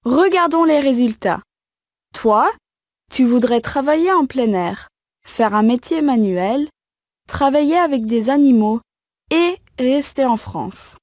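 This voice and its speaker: A young student in a textbook listening exercise, her voice sitting a little high. She speaks in a clear, measured way, and the recording is dry and close. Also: expressive, darkish tone, no room sound. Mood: calm. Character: young woman student discussing job quiz. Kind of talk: scripted textbook listening dialogue.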